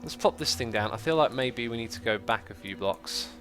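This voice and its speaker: A man hosting a casual gameplay livestream, chatting, thinking out loud and answering viewer comments. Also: mid-range voice, brisk, soft background music. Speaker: livestream host.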